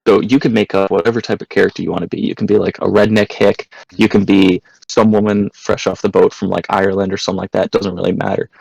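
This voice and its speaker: A man's voice: deep voice, level tone, fast, gravelly, hardly any pauses, darkish tone, slight background noise, poor audio. A young man, a podcast guest, casually telling prank-call stories and crude jokes. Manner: storytelling, crude jokes, acts out voices. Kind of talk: casual chat.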